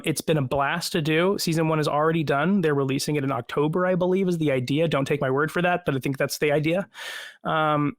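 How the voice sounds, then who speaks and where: A man, an actor as a guest, chatting in a casual video-call interview from home, self-deprecating and quick to laugh. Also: a little high, a bit bright, dry recording, clean studio sound.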